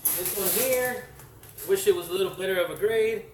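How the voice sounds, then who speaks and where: A man's voice: high voice, normal speed. A man casually showing his comic collection on camera, rambling with many fillers and self-corrections. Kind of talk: casual show-and-tell vlog. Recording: roomy echo, distant mic, faint hiss.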